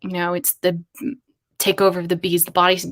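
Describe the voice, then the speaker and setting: A young adult woman chatting casually on a livestream, thinking aloud in a musing, excitable way as she brainstorms. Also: lowish voice, brisk. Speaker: streamer.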